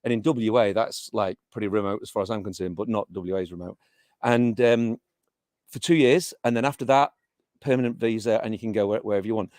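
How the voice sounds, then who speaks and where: A man's voice: on the low side, fairly quick, a little mellow, dry recording, clean studio sound. A middle-aged man from England, chatting in an interview with frequent restarts and fillers. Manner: hesitant, many restarts and fillers. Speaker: interviewee, teacher. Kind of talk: casual interview chat.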